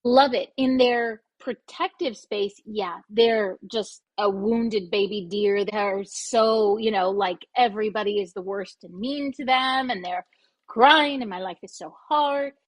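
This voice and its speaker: A woman talking casually as a podcast guest, lively and playful, often slipping into quoted voices. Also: mid-range voice, unhurried, no room sound. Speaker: podcast guest explaining conflict styles. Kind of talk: casual interview talk.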